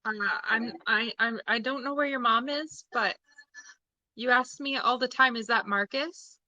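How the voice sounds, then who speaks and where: A woman's voice: on the high side, measured pace, bright, forceful tone, dry recording, lo-fi sound. A woman hosting a live-stream seance, hesitant at times and repeating aloud what she says she hears. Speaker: host leading a live seance.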